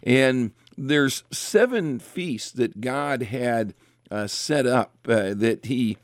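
A man hosting a late-night radio call-in show as a pastor, talking in a relaxed, chatty way with many fillers and restarts. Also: medium pitch, slow pace, no room sound, clean studio sound.

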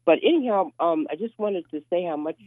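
A woman calling in to a radio show, hoarse from a cold, speaking hesitantly with many ums. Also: on the low side, animated, brisk, no echo. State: hoarse from a cold, may cough. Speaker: caller. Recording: tinny phone line.

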